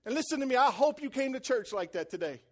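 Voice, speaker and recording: High-voiced preacher, hushed then booming. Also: male voice, expressive, fast talker. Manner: dramatic swings between hushed and loud; emphatic, repetitive preaching. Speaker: pastor. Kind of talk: sermon. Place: church.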